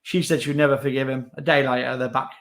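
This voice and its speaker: Young man, casual chat, lots of fillers, co-host, mid pitch. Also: little pitch movement, fast talker, fairly bright tone.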